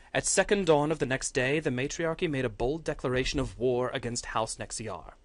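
A man, a course instructor, reading a fantasy story aloud with earnest, steady storytelling and the odd slip. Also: mid-range voice, fairly quick, few pauses.

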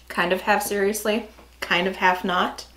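A woman's voice: mid-range voice, fairly bright tone, slight background noise. Chatty woman in a roomy room. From United States. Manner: chatty, giggly, talks over her partner. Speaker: vlog co-host. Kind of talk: casual snack-tasting chat.

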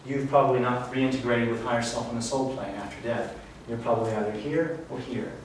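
A man's voice: mid-range voice, steady tone, brisk. A man giving a live spiritual talk to an audience in an event room, speaking in an earnest, reflective teaching tone. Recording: echoey room, distant mic, faint hiss.

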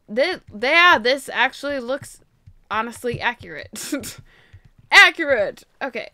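Young woman, let's-play commentator, very high bright voice, excitable, close dry mic. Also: slow, dry recording. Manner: excitable, gasps and shrieks often. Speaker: gaming YouTuber.

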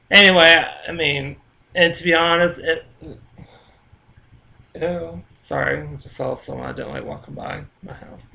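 A man talking casually on his own vlog, telling stories in a loose, chatty way with cursing and quiet asides. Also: fairly high pitch. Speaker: vlogger.

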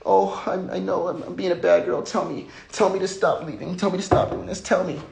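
A man voicing an apologetic, pleading woman in a raised falsetto-like voice. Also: fairly even intonation, brisk, vocal fry, a little mellow. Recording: roomy echo.

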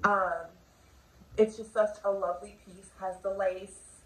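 Speaking at a measured pace in a medium-pitched, flat voice, a young woman runs through a try-on haul of clothes at home. She's a fashion vlogger, casual and bubbly, leaning on lots of fillers. The echoey recording comes from a mic set far off in the room.

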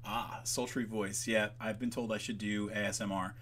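A man hosting a casual livestream while he works, rambling off on tangents with lots of ums, his voice gravelly at times. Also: fairly low pitch, flat delivery, normal speed, a bit bright, a little hiss or hum. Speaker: livestream host making maps.

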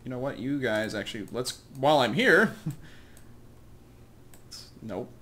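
A man's voice: medium pitch, expressive, unhurried, bright, forceful tone. Rambling, self-mocking gamer man. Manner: rambling, self-deprecating, chuckling asides. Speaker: let's play host. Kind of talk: casual gameplay commentary.

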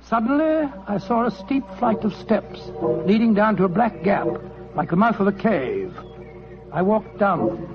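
An upright gentleman narrator, high-ish voice, vintage radio drama. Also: sing-song, unhurried, exaggerated voice. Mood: narrating. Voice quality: proper, indignant, narrating. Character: Dr. Watson, earnest gentleman narrator. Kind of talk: 1940s radio acting. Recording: dull old radio recording with music.

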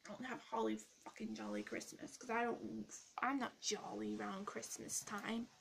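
A rude young woman who hates Christmas sneers at her viewers in a gravelly, fry-edged voice, played by a woman. She is sarcastic and mocking, a role-play character in a vlog. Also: on the high side, very animated, moderate pace, fairly bright tone, a little hiss or hum, exaggerated voice. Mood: grumpy.

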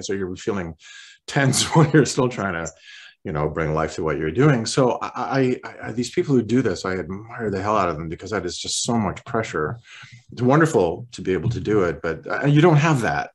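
A male voice actor chatting as an interview guest, relaxed and rambling, often clearing his throat. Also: low-pitched, a little fast. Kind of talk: casual interview chat.

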